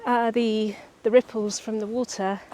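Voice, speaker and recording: A young woman writer chatting casually about her book outdoors by the seaside, a little out of breath and halting, with many restarts. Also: a little high, level tone, mellow. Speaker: writer vlogger.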